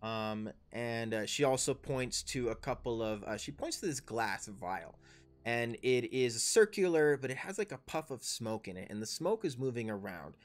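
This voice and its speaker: A young man narrating as dungeon master, rambling and halting with many fillers. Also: medium pitch, animated. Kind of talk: narrating a tabletop game.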